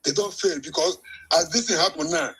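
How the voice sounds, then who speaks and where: A caller with a husky, slightly high voice. He talks in a halting way, full of fillers and small laughs. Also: a bit bright, low-quality recording. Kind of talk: call-in comments.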